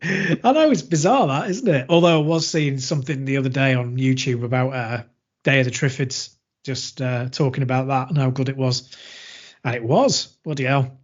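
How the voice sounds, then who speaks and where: Relaxed male co-host, casual banter, muffled podcast audio. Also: mid-range voice, normal speed. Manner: laughs easily, relaxed. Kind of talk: casual chat.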